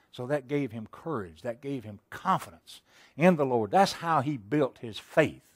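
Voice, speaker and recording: A man preaching a sermon, telling a story in a folksy way and asking the congregation many questions, swinging between loud and hushed delivery. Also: mid-range voice, big pitch swings, normal speed, husky, no echo. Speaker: pastor.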